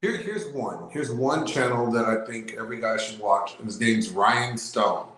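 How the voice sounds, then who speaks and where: A man's voice: medium pitch, unhurried, a bit bright. A man, a guest in a casual chat, tells a long anecdote full of ums and you-knows. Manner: rambling anecdotes with filler words. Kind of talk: casual storytelling. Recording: very echoey room.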